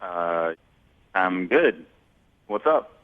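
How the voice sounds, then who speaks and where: A man's voice: low-pitched, very animated, extremely slow, no echo. A man picking up an unexpected call from a radio show, guarded and puzzled. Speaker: caller being phoned. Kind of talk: phone call. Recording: tinny phone line.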